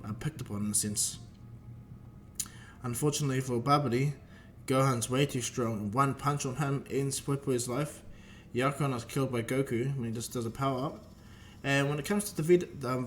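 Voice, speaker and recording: A man's voice: medium pitch, a little hiss or hum. Man rambling through a fan story. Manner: loose, rambling, many fillers. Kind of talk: casual spoken fan-fiction retelling.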